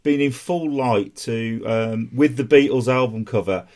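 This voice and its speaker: A man from England with a Black Country accent hosts a podcast over a video call, chatting casually and laughing often. His voice is medium-pitched and darkish, and he speaks at a measured pace.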